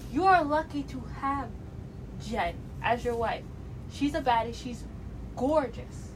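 A young woman with a fairly high voice talks through her opinions in a blunt, rambling, chatty way, circling back and restarting her sentences. It sounds like a casual home vlog, with a noticeable low rumble of noise running underneath. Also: a little slow. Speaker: reality show commentator.

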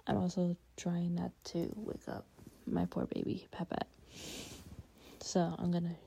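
A woman rants about a reality show in a hushed, half-whispered voice, trying not to wake the dogs asleep beside her in bed. Her voice is low and dark with a gravelly fry. She talks slowly, with heat in her words. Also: completely flat delivery, low-quality recording. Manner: half-whispered, heated ranting. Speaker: vlogger reacting to a reality show. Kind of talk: hushed late-night commentary.

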